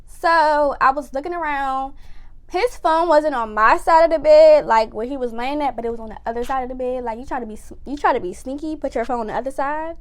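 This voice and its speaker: A young woman casually telling a personal story to camera, talking fast with lots of fillers and acting out what people said. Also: sits high. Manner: fast, animated retelling with lots of "like" and acted-out quotes.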